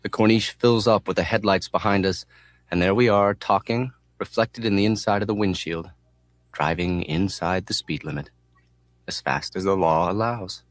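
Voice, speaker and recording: A man reading an audiobook in a measured, deadpan way. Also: low-pitched, dry recording. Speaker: audiobook narrator. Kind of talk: audiobook narration.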